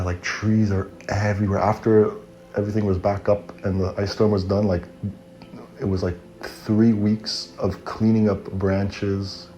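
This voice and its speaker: A man's voice: deep voice, mellow, rough recording. A man telling a rambling personal story in casual slang, often correcting himself mid-sentence.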